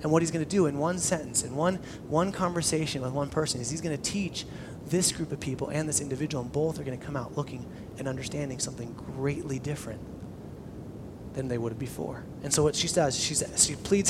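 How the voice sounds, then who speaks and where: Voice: medium pitch, fast, noisy background. A preacher giving a casual sermon in a conversational way, acting out the people in the story along the way.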